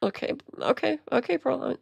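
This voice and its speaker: A woman's voice: sits high, expressive, normal speed, creaky, husky, dry recording. A woman streamer giving rambling, laughing commentary on video clips. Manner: rambling, many restarts and laughs. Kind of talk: casual commentary.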